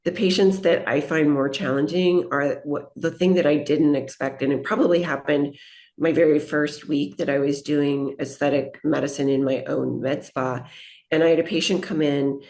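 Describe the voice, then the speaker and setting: A woman's voice: low voice, fairly even intonation, moderate pace, a little mellow. A woman, an aesthetic nurse, speaking as a podcast guest and telling reflective, heartfelt stories about her patients. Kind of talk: podcast interview.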